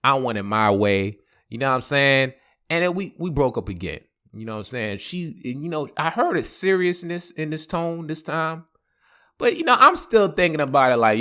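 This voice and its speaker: Animated man telling a story on a podcast. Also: mid-range voice, moderate pace. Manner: animated, acts out quotes in voices; relaxed slang with many fillers. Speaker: podcast host. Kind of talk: casual storytelling.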